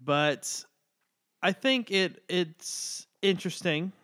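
A man co-hosting a podcast, giving his opinion of a comic in relaxed, casual chat and laughing often. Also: sits high, takes it slowly. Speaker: podcast co-host.

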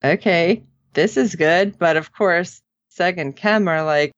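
A woman co-hosting a casual TV recap, animated, acting out characters' lines in funny voices. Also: fairly low pitch, normal speed, dry recording, muffled recording. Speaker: podcast co-host.

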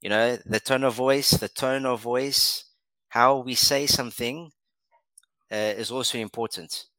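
A man's voice: medium pitch, fairly even intonation, measured pace, pushed and bright, no echo, poor audio. A man co-hosting an English lesson podcast, encouraging and praising often, with many uh fillers. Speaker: podcast co-host.

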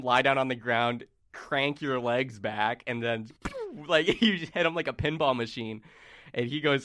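A man's voice: mid-range voice, clear, resonant tone. A young man narrating as game master, giggly and full of fillers. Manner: giggly, filler-heavy, lively.

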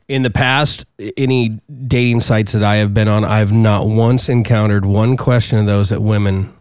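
A man hosting a casual chat, calm and skeptical, asking follow-up questions. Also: lowish voice, moderate pace, clean tone, no room sound, studio quality.

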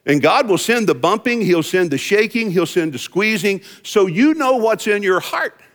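A man preaching a sermon, telling a parable with lively emphasis and acting out the characters' lines. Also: high voice, normal speed. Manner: lively storytelling preacher, acts out quoted voices. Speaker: pastor. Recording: long hall reverb.

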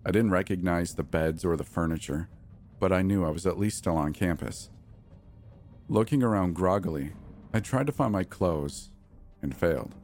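A man reading a first-person horror story as the show's narrator, in a measured, tense way. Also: low voice, a little mellow, faint music behind.

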